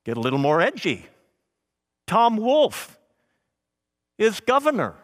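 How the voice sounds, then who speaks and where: A man preaching a sermon, slow and emphatic, with dramatic pauses and scripture read aloud. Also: high-pitched, wildly swooping pitch, in a large hall. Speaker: pastor.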